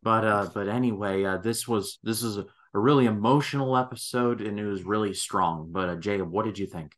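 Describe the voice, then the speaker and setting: A man's voice: fairly low pitch, a little fast. A man hosting a casual podcast chat, rambling and correcting himself. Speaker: podcast host.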